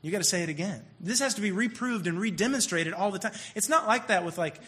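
A young adult man giving a comedic monologue in an animated way, acting out the voices of people he describes. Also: high-pitched, quick pace. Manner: animated, acts out quoted voices. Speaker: speaker.

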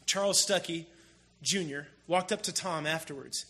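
A man preaching a sermon in a casual, storytelling way, with animated emphasis. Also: a little high, normal speed, slight background noise. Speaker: pastor. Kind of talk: conversational sermon.

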